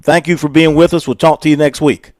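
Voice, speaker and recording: A man hosting a radio sports show from the studio, relaxed and easygoing as he leads the segments. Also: a little high, brisk, dry recording. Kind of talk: casual radio sports talk.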